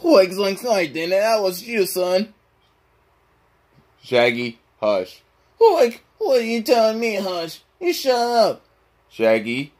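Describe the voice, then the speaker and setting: A man voicing a jittery, scared male cartoon slacker with a high, nasal drawl. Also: wildly swooping pitch, slow, long pauses, darkish tone, full character voice. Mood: feisty.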